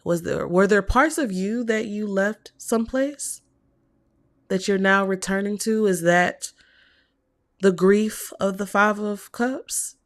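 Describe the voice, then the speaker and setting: A woman giving a tarot reading, talking slowly and softly with hums and whispered asides. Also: medium pitch. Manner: slow, soft, encouraging, with hums and whispered asides. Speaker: tarot reader.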